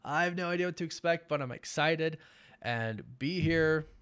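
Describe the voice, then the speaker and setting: Young male host of a late-night live stream; tired, yawning, halting and rambling but upbeat. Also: fairly high pitch, smooth. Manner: rambling, halting with many fillers and restarts; enthusiastic, warmly thanks viewers. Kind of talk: casual live-stream chat.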